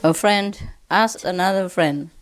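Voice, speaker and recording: A woman telling a series of jokes in an unhurried, chuckling storytelling manner. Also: lowish voice, background noise. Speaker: spiritual teacher.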